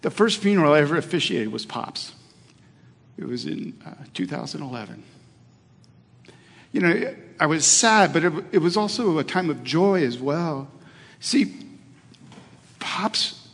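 Middle-aged male pastor, slightly high voice, earnest sermon storytelling, long hall reverb. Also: gravelly, slightly rough. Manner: earnest storytelling with hesitations and restarts.

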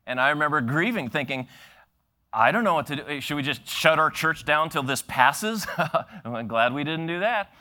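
A middle-aged man preaching a sermon, telling a story with lively acted-out quotes and frequent laughs. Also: fairly high pitch, moderate pace. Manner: animated storyteller acting out quoted voices, laughing often. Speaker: pastor.

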